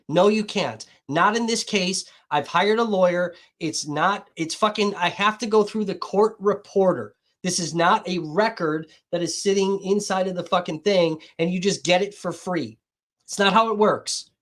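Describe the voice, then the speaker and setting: Irritated woman ranting on a livestream. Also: mid-range voice. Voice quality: heavy swearing, irritated, combative. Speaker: live streamer. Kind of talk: livestream rant.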